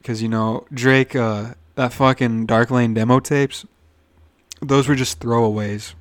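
A young man rambles loosely on his own solo podcast, ranting casually in a medium-pitched, fairly even voice at a measured pace. He swears freely, trips over words and starts again, and seems a little nervous. The audio is dry and close-miked with no room echo.

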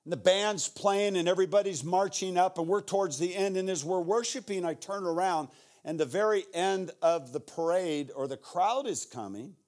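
A middle-aged man preaching as a guest speaker, telling an animated story and acting out the people in it, with playful asides. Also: high voice, moderate pace. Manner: animated, acts out the people in his stories. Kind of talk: sermon storytelling.

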